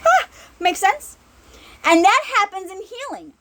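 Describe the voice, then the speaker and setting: A woman's voice: very high-pitched, expressive, measured pace, a bit bright, slight background noise. A woman giving an informal sermon in a conversational way, often repeating herself and checking in with her listeners. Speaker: ministry speaker.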